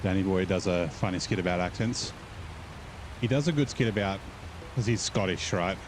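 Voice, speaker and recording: A deep-voiced man chats loosely while he plays, drifting between the game and stray stories and swearing offhandedly. Loud engine and vehicle noise from the game runs under his voice. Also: normal speed. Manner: rambling, chatty, swears casually. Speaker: gaming channel host. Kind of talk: casual gameplay commentary.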